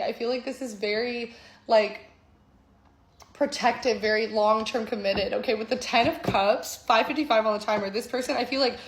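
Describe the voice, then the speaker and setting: A woman giving an intuitive tarot reading, with a flowing, reflective delivery that often checks in with "okay?". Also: on the high side. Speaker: tarot reader. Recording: echoey room, faint background hum.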